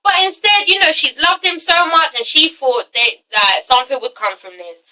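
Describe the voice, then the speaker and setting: Young woman vlogger, high and very bright voice, emphatic and outspoken, swears a lot, keeps checking in with "okay?", mic set back a little. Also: moderate pace, distant mic, poor audio. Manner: emphatic, swears freely, frequent okay and all right tags; animated, acts out quotes with big pitch jumps. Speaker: vlogger reviewing a reality show. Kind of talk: casual vlog review.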